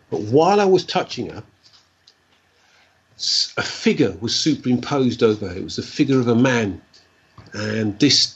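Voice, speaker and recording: A man with a husky voice tells his stories as a guest, rambling and animated, voicing each person he quotes. His voice sits in an ordinary middle range. The recording sounds dull and lo-fi. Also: mid-range voice. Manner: rambling, animated storyteller who acts out dialogue. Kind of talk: casual storytelling.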